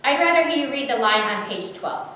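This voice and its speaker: Woman doing unseen divine voice as eager casting director, coaxing, lively pitch, boomy far-off church echo. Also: a little fast, a little hiss or hum. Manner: warm, coaxing, enthusiastic questioning. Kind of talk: dramatic storytelling performance. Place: church sanctuary. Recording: very echoey hall, distant mic.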